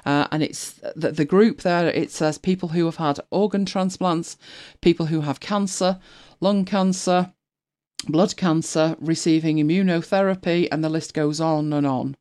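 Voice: mid-range voice, fairly even intonation, normal speed, a little mellow, smooth. A co-host chatting loosely on a talk show, rambling with many fillers and restarts. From United Kingdom. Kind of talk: casual panel chat.

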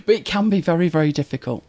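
A woman hosts a live stream, reading viewer comments and drifting into stories of her own. Her pitch swings widely and she laughs often. The whole thing sounds like an easy, casual chat. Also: expressive, brisk, mellow. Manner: chatty storyteller, laughs often.

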